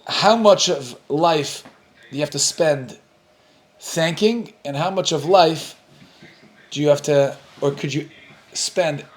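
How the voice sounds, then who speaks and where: A middle-aged man with an American accent, a rabbi telling lively stories while teaching a Talmud class and acting out the dialogue. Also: on the high side, takes it slowly, pauses often. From United States. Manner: animated storyteller, acts out dialogue, laughs often.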